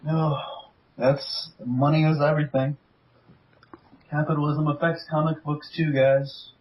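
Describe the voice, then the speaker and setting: A young man chatting casually over an online call, blunt and quick to swear. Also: fairly high pitch, flat delivery, lo-fi sound. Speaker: co-host. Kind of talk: casual chat.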